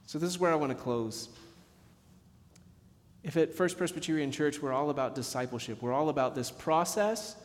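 A middle-aged male pastor preaching a sermon, passionate, swinging between emphatic bursts and hushed, slowed lines. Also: on the high side, animated, big-room sound.

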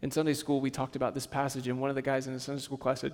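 A man preaching a sermon as pastor, acting out quotes and dropping to a soft hush on sad points. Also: mid-range voice, little pitch movement, very fast, long reverb tail.

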